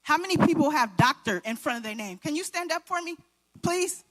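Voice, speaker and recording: A woman's voice: sits high, lively intonation, fairly quick, noisy background. A woman in her thirties giving an emotional acceptance speech, nervous and shaking as she talks straight to the crowd. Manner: nervous, shaky, heartfelt, talks to the crowd directly. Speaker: award recipient giving a speech.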